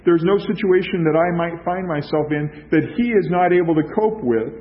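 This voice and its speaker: A man's voice: on the high side, brisk. Man preaching on a dull recording. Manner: emphatic preaching with rhetorical questions and repetition. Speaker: pastor. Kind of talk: sermon.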